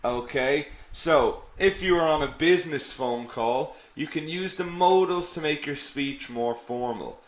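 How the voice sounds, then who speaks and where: A man's voice: a little high, a little slow, hardly any pauses. A man teaching English in a live online webinar, explaining patiently and answering questions from learners. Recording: echoey room.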